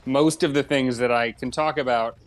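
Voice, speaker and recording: A man co-hosting a casual podcast, talking in a relaxed way with halting restarts. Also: mid-range voice. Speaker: podcast co-host. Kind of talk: casual banter among friends.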